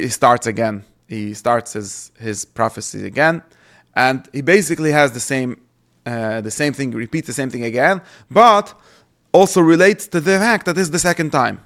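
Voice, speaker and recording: Gravelly man teaching scripture. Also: medium pitch, fairly bright tone. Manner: reads Hebrew verses aloud and translates them, with fillers and restarts. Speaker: Bible teacher. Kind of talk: explanatory lesson on scripture.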